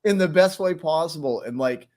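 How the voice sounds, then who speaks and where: A man's voice: fairly high pitch, normal speed, a little mellow. Laid-back man, casual co-host. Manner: laid-back, says dude and man a lot. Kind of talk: casual chat.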